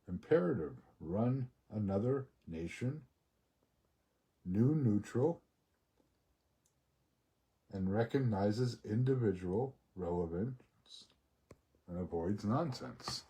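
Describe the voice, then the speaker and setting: A man's voice: fairly low pitch, dark tone, breathy edge. A man rambling through a profane personal rant into his phone, breaking into laughs often. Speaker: social media ranter.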